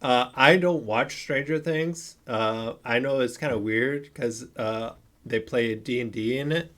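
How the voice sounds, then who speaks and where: A man's voice: mid-range voice, measured pace, fairly bright tone. A man co-hosting a podcast in casual chat, hesitant and full of filler sounds. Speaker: podcast co-host.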